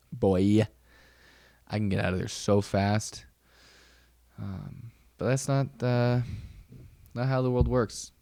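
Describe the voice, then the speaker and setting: A man's voice: fairly low pitch, a little mellow, no echo. A young man hosting a podcast, telling wry stories in a rambling, casual way with lots of fillers. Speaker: podcast host. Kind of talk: casual solo chat.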